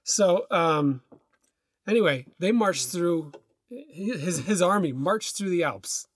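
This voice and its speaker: A man's voice: high voice, slow pace, no room sound. A man with a slightly raised voice tells a story in a loose, rambling way, starting over often as he chats with his co-host. The sound is dry and close, with almost no room around it. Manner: rambling storyteller, loose and relaxed with many restarts. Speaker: podcast co-host. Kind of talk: casual conversation.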